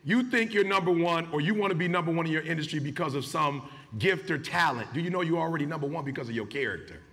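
A man's voice: a little high, expressive, fast talker, gravelly, a bit bright. A man giving an emphatic, slangy motivational speech to a live audience, calling for responses. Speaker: motivational speaker. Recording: live hall with long reverb.

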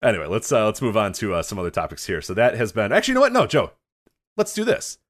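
A man's voice: fairly low pitch, wildly swooping pitch, fast. A man co-hosting a podcast, teasing his partner and laughing often in casual banter. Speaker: podcast co-host.

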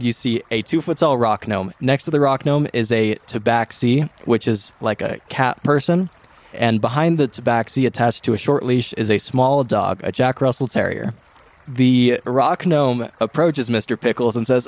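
A man running a tabletop game as game master, narrating scenes in a steady, descriptive way. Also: medium pitch, normal speed.

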